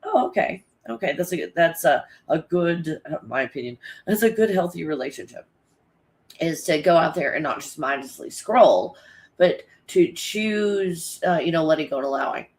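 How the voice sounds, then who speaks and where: Casual livestream host, talks to the chat off the cuff, swears freely, laughs a lot, average pitch. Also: expressive, moderate pace. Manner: chatty, loose and swearing, laughs often.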